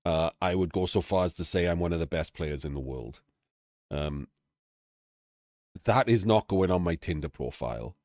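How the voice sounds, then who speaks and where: Very low-voiced man in a candid vlog. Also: expressive, moderate pace, pauses often, darkish tone, no echo, studio quality. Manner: candid, self-deprecating, with fillers and restarts. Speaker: channel host. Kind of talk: casual talking-head vlog.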